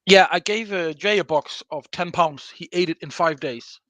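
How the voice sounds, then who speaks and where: An older man chats as a guest on a live stream, teasing in a dry way. His voice sits a little high and sounds bright. The recording is close and dry. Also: moderate pace, dry recording. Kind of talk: casual live stream chat.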